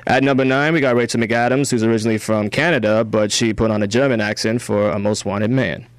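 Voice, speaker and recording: A man's voice: lowish voice, fairly even intonation, quick pace, clean tone, no room sound. A young man co-hosting a college radio film show, giving reviews and reading a countdown in an easygoing way. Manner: easygoing, filler-heavy. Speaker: radio co-host. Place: radio studio. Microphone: studio microphone.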